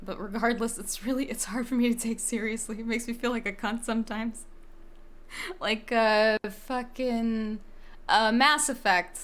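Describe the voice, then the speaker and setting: A woman's voice: fairly high pitch, steady tone, measured pace, a bit bright. Rambling, swearing young woman gamer. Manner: swearing, rambling, self-interrupting. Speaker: let's-play streamer. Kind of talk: casual game commentary.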